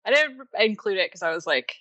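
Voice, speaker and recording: Woman podcast host, bright and forward voice, loose chatty delivery with many fillers, dry close sound. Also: mid-range voice, lively intonation, fairly quick, no room sound. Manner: chatty, filler-heavy, laughs often. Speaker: podcast co-host presenting research. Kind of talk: casual chat.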